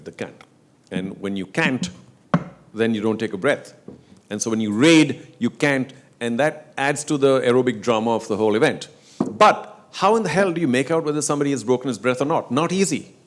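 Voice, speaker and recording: Man, middle-aged, lively storyteller, acts out quotes, relaxed conversation. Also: medium pitch. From India. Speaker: guest speaker on sports leagues. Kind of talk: casual conversational talk.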